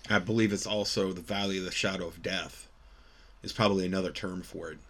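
A man cuts in with a quiet aside. His voice is very deep and nearly monotone. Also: fast.

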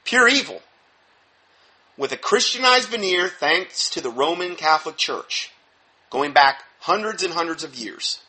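A man preaching in an emphatic, animated teaching style, stressing points sharply and dropping into low mumbled asides. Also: normal speed. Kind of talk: sermon-style teaching talk.

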